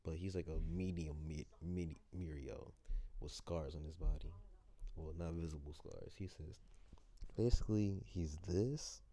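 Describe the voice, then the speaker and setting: Low-voiced man rambling through a fan story. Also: measured pace, warm tone. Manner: rambling, hesitant, with many restarts. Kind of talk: improvised fan story narration.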